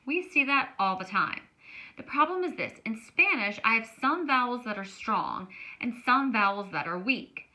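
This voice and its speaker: A woman teaching a Spanish grammar lesson, explaining slowly and stretching words out to show how they sound. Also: on the high side, lively intonation, pushed and bright.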